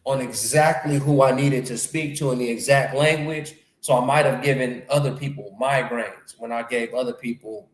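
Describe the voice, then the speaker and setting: A man hosting a casual podcast talk, animated and slangy, often repeating his phrases. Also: mid-range voice, moderate pace, hardly any pauses. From North America. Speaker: podcast host. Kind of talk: casual conversation. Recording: echoey room.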